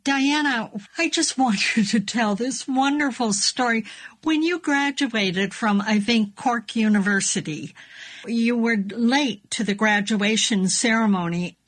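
A woman hosting a radio interview, asking gentle questions. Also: fairly high pitch, unhurried. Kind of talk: interviewing a guest.

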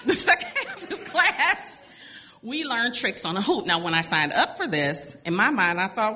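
Middle-aged woman, live storyteller, bright and forceful tone, animated, quick to laugh. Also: mid-range voice. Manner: animated, laughs often between lines.

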